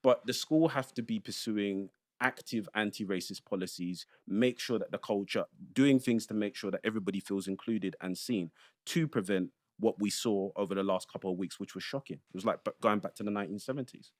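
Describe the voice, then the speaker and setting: Low-ish london guy from the east end, emphatic, explaining stuff on a panel show. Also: a little fast. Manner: emphatic, explanatory, builds points in lists. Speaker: panel guest, education commentator. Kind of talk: panel discussion.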